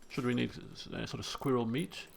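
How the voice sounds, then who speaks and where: A man's voice: medium pitch, measured pace, vocal fry, slight background noise. A man streaming a colony sim game live, chatty and thinking aloud while talking to his chat. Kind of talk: casual live game commentary.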